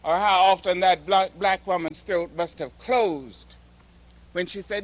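A woman giving a slow, dramatic public speech and reciting poetry with emphatic delivery. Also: mid-range voice, highs cut off. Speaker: public speaker and poet.

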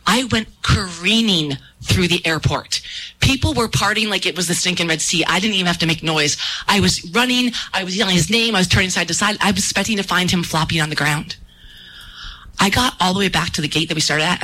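A woman telling a lively personal story to a live audience, acting out her own panicked voice. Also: fairly low pitch, rough recording.

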